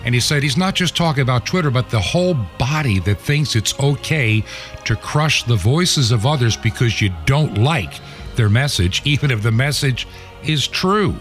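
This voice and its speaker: A man's voice: medium pitch, animated, moderate pace, a bit bright, faint music behind. A man hosting a radio talk show, speaking in an earnest, conversational way.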